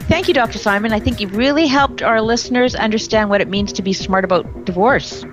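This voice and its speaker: A woman co-hosts a talk show, asking questions in an eager, conversational manner. Her voice sits a little high for a woman, with faint music in the background. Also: fairly quick, rough recording. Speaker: podcast co-host. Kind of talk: casual interview chat.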